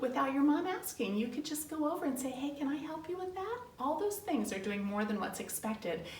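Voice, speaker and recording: A middle-aged woman gives a bright, sing-song lesson to young children, acting out little family scenes as she goes. Her voice sits high, and the recording sounds roomy and a bit off the mic. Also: slight background noise. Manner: animated, sing-song, acts out family dialogue. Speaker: children's ministry teacher. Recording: roomy, from some distance off the mic.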